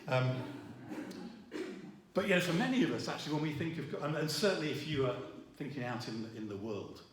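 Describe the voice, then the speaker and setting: A middle-aged man preaching a sermon. He talks in a halting way, restarting his sentences and filling pauses with ums. His voice is heard from some distance and rings around a very reverberant church hall. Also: a little high, lively intonation. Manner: halting, with many restarts and fillers. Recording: roomy echo, voice from afar.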